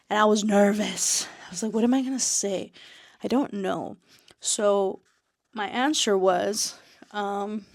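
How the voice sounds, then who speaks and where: Young woman, casual vlogger, excitable storyteller, a bit breathless, medium pitch, close dry mic. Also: no echo. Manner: chatty, excitable, many fillers and restarts. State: slightly out of breath. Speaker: author and vlogger.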